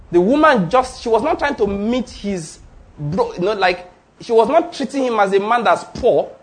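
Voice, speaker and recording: A man preaches with a high, bright voice that leaps up and down in pitch. He drives his points home emphatically, asking questions and waiting for the congregation to call back. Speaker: pastor. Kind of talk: sermon.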